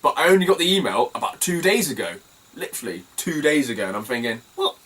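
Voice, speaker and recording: A man's voice: mid-range voice, big pitch swings, fast, distant mic, background noise. A British man chatting casually in a vlog about his retro game finds, rambling, swearing freely and laughing as he tells stories. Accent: British English. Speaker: retro game collector vlogger.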